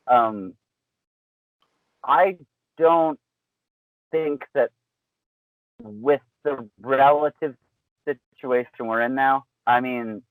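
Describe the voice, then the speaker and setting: A man talking as a podcast guest, explaining his points in a measured way with some dry wit. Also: medium pitch, dry recording, low-quality recording. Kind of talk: casual podcast chat.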